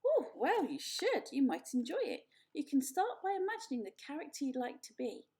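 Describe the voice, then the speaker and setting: A woman's voice: high-pitched, big pitch swings, moderate pace, dark tone. A woman voicing a chatty, theatrical female opossum in a storybook reading, talking in a dramatic, gushing way. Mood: encouraging.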